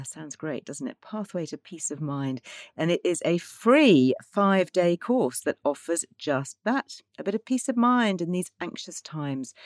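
A woman's voice: low-pitched, a little mellow, no echo, clean studio sound. A woman hosting a podcast, reading her introduction and then interviewing her guest with enthusiasm. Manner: upbeat and enthusiastic. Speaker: podcast host.

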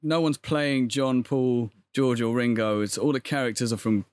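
A man's voice: medium pitch, steady tone, moderate pace, clear, resonant tone, no room sound. A young man talking casually as an interview guest, rambling with many fillers. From England. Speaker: guest, actor.

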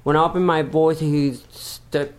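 A woman with a Spanish accent, a guest performer telling a story in casual chat, halting with fillers and restarts and breaking into loud laughs. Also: deep voice, fairly even intonation, over a noisy crowd. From from Spain.

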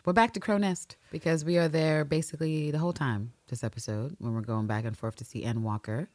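A woman co-hosting a podcast, recapping a TV episode in animated, profane casual chat with sudden jumps in pitch. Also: fairly quick, few pauses, no room sound. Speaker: podcast co-host.

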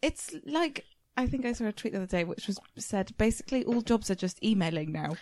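A woman co-hosting a casual podcast, chatty and quick to laugh, trailing off with fillers. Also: mid-range voice, expressive, darkish tone. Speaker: podcast co-host.

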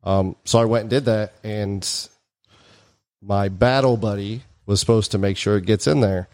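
A man and former army bomb technician casually telling stories, acting out the people he quotes. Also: moderate pace. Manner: animated, acts out quoted voices with big pitch jumps. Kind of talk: casual storytelling chat.

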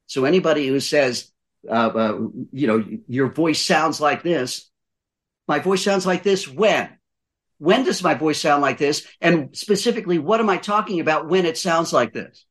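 A man's voice: on the high side, normal speed. An older man giving voice-over advice in a podcast conversation, emphatic, repeating his points and asking rhetorical questions. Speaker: guest voice-over coach.

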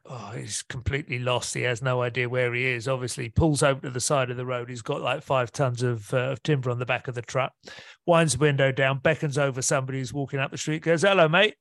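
A man, a comedian guest, telling stories in an animated way and laughing at his own jokes. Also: medium pitch, no echo, studio quality. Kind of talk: anecdotal storytelling.

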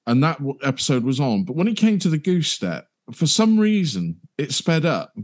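A man's voice: a little high, big pitch swings, moderate pace. A man telling a meandering, enthusiastic anecdote in casual chat.

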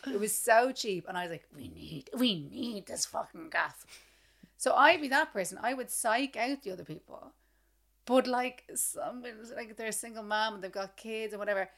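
A woman's voice: fairly high pitch, brisk, a bit bright. An Irish woman co-hosting a chatty podcast, teasing her co-host bluntly and swearing freely. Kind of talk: casual chat.

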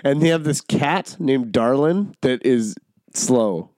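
A man's voice: mid-range voice, lively intonation, slow, a little mellow, no room sound. A man hosting a podcast, telling stories in loose, profane casual chat. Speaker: podcast host.

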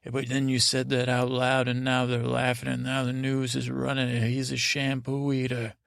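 A man telling a meandering, improvised bedtime story in a halting way, with many restarts and trailing asides. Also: monotone, a bit bright, dry recording, clean studio sound. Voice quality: gravelly, low-key drone. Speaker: sleep podcast host.

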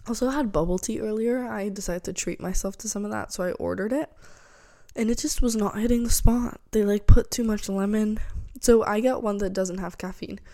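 A woman's voice: medium pitch, moderate pace, warm tone. A young woman hosting her own podcast, chatting casually and rambling with lots of fillers. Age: young adult. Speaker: podcast host. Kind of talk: casual solo chat.

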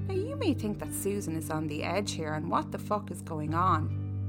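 Animated woman reading aloud comically. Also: fairly low pitch, moderate pace, over loud music. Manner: animated, exclamatory, mock-dramatic. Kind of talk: comedic reading aloud and chat.

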